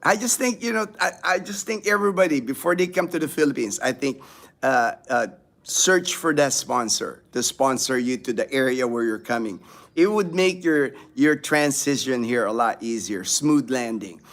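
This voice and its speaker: A man's voice: medium pitch, normal speed, a bit bright. A man hosting a casual livestream, chatting with viewers and reading their comments, rambling with many fillers and restarts. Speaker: livestream host. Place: home in the Philippines.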